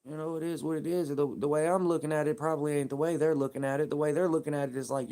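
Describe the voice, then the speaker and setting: A man's voice: on the high side, flat delivery, very fast, warm tone. A man live streaming, talking in a casual, heated and profane rambling rant.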